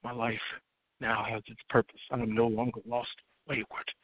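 A man's voice: mid-range voice, little pitch movement, normal speed, no room sound. A man performing spoken word poetry as a guest poet, with a rhythmic, dramatic delivery that swells for emphasis. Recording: tinny phone-like line.

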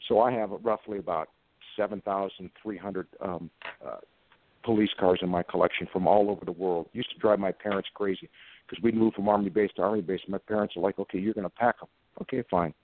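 A man's voice: low voice, fairly even intonation, fairly quick. A man in his fifties, a police officer guest, telling anecdotes in an earnest, plain-spoken way. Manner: earnest, plain-spoken, emotional when recalling events. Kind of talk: anecdotal storytelling in conversation. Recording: tinny phone-like line, dry sound.

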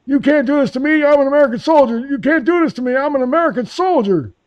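A man putting on the voice of a young male soldier being arrested, repeating his protest in a shrill, pleading voice. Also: fast talker, darkish tone, no room sound, lo-fi sound.

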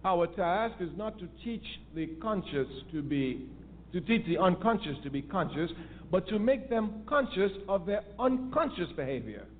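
A man with a fairly high voice delivers an emphatic political lecture, hammering home points by repeating them. His voice comes through a thin, tinny phone line with a faint hiss of noise behind it. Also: big pitch swings, normal speed. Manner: emphatic, repeats key phrases for stress.

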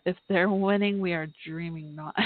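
Her voice is on the low side and a little slow, heard through a tinny, phone-like connection in a dry, close recording. She's a chatty Texas podcast host on a casual live stream, frequently laughing and responding to a football game.

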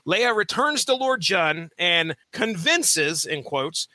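A man hosting a comics podcast, reading a plot recap and then chatting with a brisk, joking delivery. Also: high-pitched, very animated, pushed and bright, no room sound, rough recording. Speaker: podcast host. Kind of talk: reading a plot summary, then casual chat.

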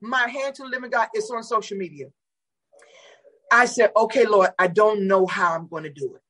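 A woman pastor, a guest on the show, telling a testimony story in an animated way and acting out the voices in it. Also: moderate pace, poor audio. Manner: dramatic, acts out the voices in her stories with big pitch leaps.

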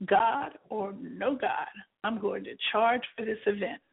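A woman reading the lines of an angry, scornful male boss in a husky voice, slow and emphatic, with tinny phone-like sound. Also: medium pitch. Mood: defiant.

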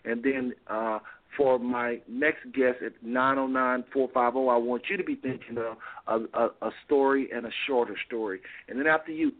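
A man hosting a call-in talk show and preaching, repeating phrases for emphasis. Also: medium pitch. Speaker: radio show host. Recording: tinny phone-line audio.

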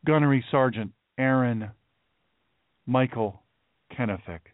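A man's voice: mid-range voice, unhurried, no room sound. A man hosting a talk radio show, speaking in a solemn, emphatic way and repeating phrases for weight. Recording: dry, narrow phone-like sound.

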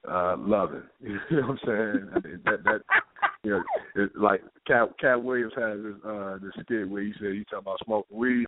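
A man's voice: lowish voice, gravelly, dry recording. A man, a guest playwright chatting casually on a talk show and acting out the people in his stories. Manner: animated storyteller, acting out quoted characters. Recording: tinny phone-line audio.

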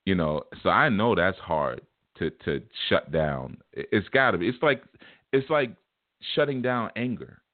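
A man teaches in a casual, rambling way, leaning on "you know" as he talks. His voice sits low. The sound is thin and phone-like, and it is very dry. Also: big pitch swings, a little slow, no echo. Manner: loose, conversational, repeats "you know". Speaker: spiritual teacher. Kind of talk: casual spiritual talk.

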